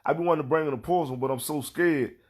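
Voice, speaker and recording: A man in his thirties speaking tells a casual, profane story about his children. He circles back over his own words and acts out the other people in the story. His voice sits a bit high for a man. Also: fast talker, slightly rough. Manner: animated, profane, repeats himself, acts out quotes. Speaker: father telling stories.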